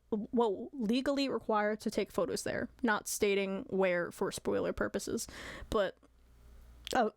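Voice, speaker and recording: A woman's voice: medium pitch, no room sound. A woman streamer chatting casually with her viewers, giggly and apologetic.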